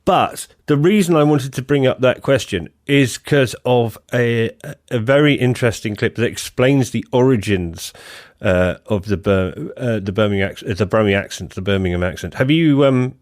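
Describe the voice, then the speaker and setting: A man hosting a casual podcast in a mid-range voice, lively and jumping up in pitch when he makes a point. The recording is dry, with no room sound. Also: moderate pace, no room sound. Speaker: podcast host. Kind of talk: casual chat.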